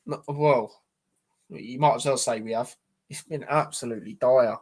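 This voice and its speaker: A man's voice: mid-range voice, normal speed. A young man hosting a live football watchalong as a fan, chatty and exasperated, calling his viewers "mate" constantly.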